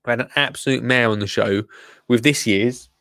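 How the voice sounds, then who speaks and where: A man's voice: mid-range voice, normal speed, sharp tone, no echo. English bloke hosting his show, rambly and jokey, dry close sound. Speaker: show host. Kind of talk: casual live show chat.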